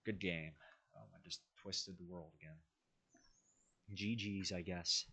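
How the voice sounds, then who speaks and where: A man's voice: deep voice, steady tone, measured pace, bright, forceful tone, husky. A man casually narrating an alternate history map timeline, rambling with wry asides and self-corrections.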